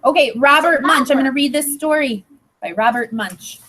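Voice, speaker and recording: A woman teacher reading a picture book aloud to first graders in a classroom, animated and coaxing the children to join in. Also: high-pitched, moderate pace, heavy background noise. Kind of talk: read-aloud storytime.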